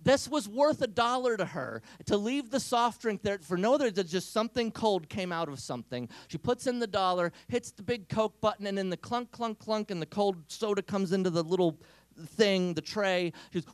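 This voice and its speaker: A man giving a talk to teenagers, an animated storyteller who acts out the people he quotes, chatty with many restarts. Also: sits high, normal speed, no room sound. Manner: conversational, with frequent fillers and restarts. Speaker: speaker at a youth event.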